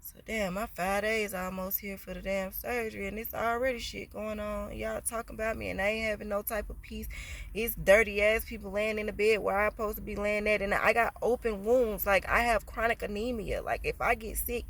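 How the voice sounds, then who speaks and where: Woman doing a storytime vlog, mid pitch, slangy and cussing a lot, gets loud and heated. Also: fairly even intonation, a little fast, slight background noise. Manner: profane, slangy, rising to loud indignant rants.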